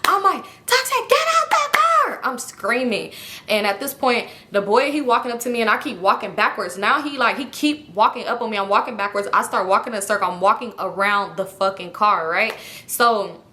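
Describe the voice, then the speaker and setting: A young woman telling a personal story in a casual, animated way, swearing freely and talking straight to her viewers. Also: mid-range voice, brisk. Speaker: storytime vlogger.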